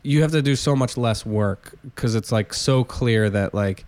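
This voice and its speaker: A touring stand-up comedian tells casual, rambling stories from the road in a mid-range voice at a measured pace, recorded without echo. He keeps interrupting himself and restarting, delivering animated anecdotes in a chatty storytelling way.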